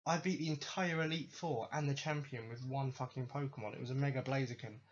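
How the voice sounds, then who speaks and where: A man's voice: mid-range voice, fairly quick, muffled recording, a little hiss or hum. A young man hosting a podcast, ranting in exasperated, sarcastic, sweary commentary. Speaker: podcast host.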